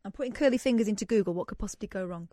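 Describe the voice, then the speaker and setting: A woman's voice: medium pitch, racing, dark tone, dry recording, studio quality. A woman hosting a radio show, chatting casually and reading news aloud with joking asides. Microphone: studio microphone.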